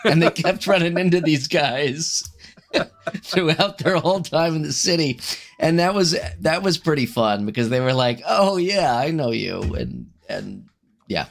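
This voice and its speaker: A man chatting on a podcast with a wide, lively pitch range. He swears easily and laughs a lot. Now and then he jumps up into loud joking outbursts. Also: a little slow, gravelly. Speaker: podcast co-host. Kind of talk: casual chat.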